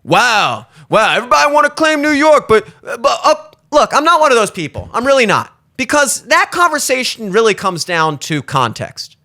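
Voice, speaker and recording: Host role: man from the Baltimore area, bright tense tone, loose profane rant delivery. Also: extremely high pitch, moderate pace, vocal fry, hardly any pauses. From Baltimore area, USA. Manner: animated, profane, rambling. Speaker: show host. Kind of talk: casual comedic rant.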